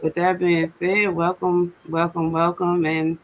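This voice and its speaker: Lively, slangy woman hosting a live stream. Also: on the low side, measured pace, a little hiss or hum, low-quality recording. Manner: lively, slangy, laughs often. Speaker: host of a live stream talk. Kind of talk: casual live-stream chat.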